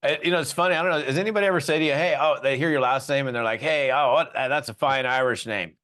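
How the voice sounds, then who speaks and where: A man's voice: mid-range voice, fast talker, fairly bright tone. A man from the US West Coast hosting an interview podcast, chatting casually and joking with his guest. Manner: jokey, friendly, says "you know" and "uh" a lot. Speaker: podcast host.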